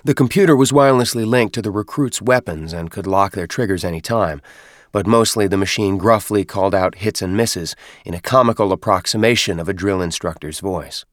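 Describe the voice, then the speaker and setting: Low-pitched guy reading an audiobook, steady measured storytelling, dry close mic. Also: no room sound. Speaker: audiobook narrator. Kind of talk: scripted narration.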